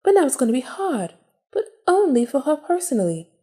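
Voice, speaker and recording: A woman's voice: high-pitched, very animated, fairly quick, dark tone, voice pushed up. A woman reading aloud a scheming, vengeful young woman from a cafe game, in a theatrical, gleeful manner.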